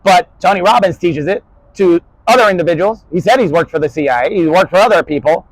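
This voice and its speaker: A man with a fairly high voice delivers a rambling spoken-word monologue, leaping from one topic to the next. He swears freely and swings between quiet asides and louder bursts. The sound is dry and close, with no room around it. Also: fast, dry recording, poor audio. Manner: rambling, jumping topics, swearing, shifting loudness.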